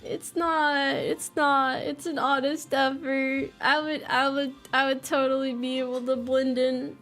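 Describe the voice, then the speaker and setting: High-pitched american streamer girl, giggly, reads chat out, kinda slow, faint music. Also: little pitch movement, a bit bright. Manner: giggly, self-mocking, reads chat aloud. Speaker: livestreamer. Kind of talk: casual chat with viewers.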